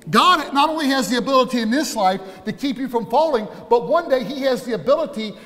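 A male pastor preaching an impassioned sermon that swings from hushed to loud. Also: extremely high pitch, lively intonation, a little fast, in a large hall.

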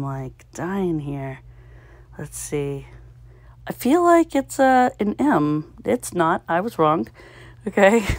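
Solving a puzzle solo, this woman vlogger keeps up casual commentary to herself, sounding out guesses, thinking aloud, and laughing at her slip-ups with self-mocking giggles. She has a low, darkish voice, and there's no room sound.

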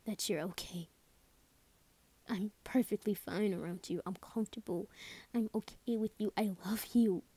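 A worried, tender young woman, played by a woman, murmurs reassurance in a whispered role-play. Her voice is extremely breathy and husky, with a dark, mellow tone. She speaks softly and anxiously, checking again and again that her partner is all right. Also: mid-range voice, moderate pace, dry recording, close to an everyday voice. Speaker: ASMR role-play creator.

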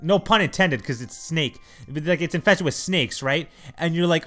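A young man ranting and swearing through his gameplay commentary, breaking into sudden loud outbursts at the characters on screen. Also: on the high side, normal speed, hardly any pauses, soft background music. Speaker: let's play gamer.

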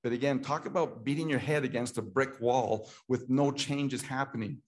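A man's voice: medium pitch, normal speed. A middle-aged Canadian man giving an impassioned talk at a political meeting, repeating himself and restarting often as he grows emotional.

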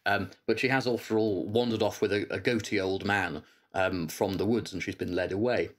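A man's voice: lowish voice, steady tone, moderate pace. A man giving a reflective literary lecture as a church reader, thoughtful, with frequent hesitations and restarts.

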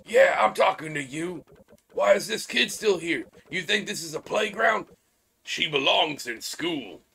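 A man's voice: fairly high pitch, lively intonation, unhurried, gravelly, breathy edge, pitched above the performer's own voice, heavily acted. A man doing a scolding grumpy boss. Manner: scolding, loud.

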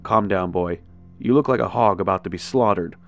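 A man voicing a blunt, gruff cowboy stranger in his fifties in a spoken horror story. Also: low-pitched, normal speed, muffled recording, faint music behind. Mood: menacing. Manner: blunt, gruff, calls him boy.

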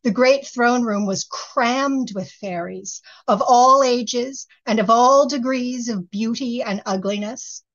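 Woman reading a storybook aloud: measured, expressive narration on a muffled recording. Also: fairly high pitch. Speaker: reader.

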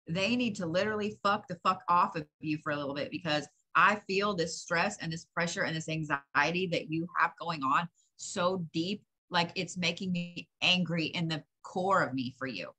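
A psychic reader with a lowish voice and a sharp tone speaks at normal speed. In her channeled reading she addresses the listener head-on, offering emphatic, blunt, profane advice.

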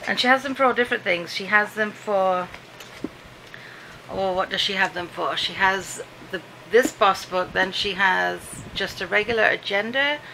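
Brief: chatty British vlogger at home, rambling and amused, bright edge. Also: female voice, medium pitch, normal speed, slight background noise, low-quality recording. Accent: British English. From Britain. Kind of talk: casual vlog chat. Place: home, indoors, dim room.

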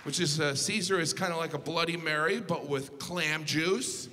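Wry male stand-up comic, high voice. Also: moderate pace, hardly any pauses, big-room sound, background noise. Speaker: stand-up comedian. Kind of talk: stand-up comedy set.

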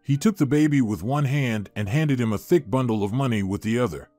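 A man giving scripted story narration in a measured, even storytelling manner. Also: mid-range voice, dry recording, faint music behind.

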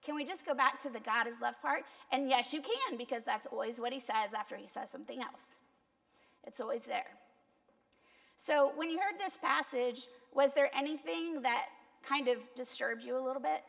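Woman pastor, Cuban accent, chatty sermon delivery with a gravelly edge, long church reverb. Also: high-pitched, normal speed, fairly bright tone. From Cuba. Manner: conversational, self-deprecating, asks the congregation. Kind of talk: sermon with congregation questions.

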